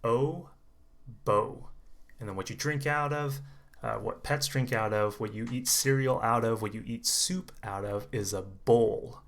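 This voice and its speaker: A man runs a casual pronunciation lesson as a conversation coach, speaking at an ordinary mid pitch. He talks in a relaxed, chatty way and slows down to repeat each sound for learners. It is one unedited take recorded on a camera mic. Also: gravelly. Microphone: camera mic, unedited single take.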